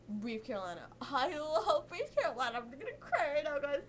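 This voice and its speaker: Teen girl vlogger, bright higher voice, breathless gushing fan energy, webcam mic with faint room hiss. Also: lively intonation, fast. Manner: gushing, giddy, repeats herself. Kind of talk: excited webcam vlog. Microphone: built-in webcam mic.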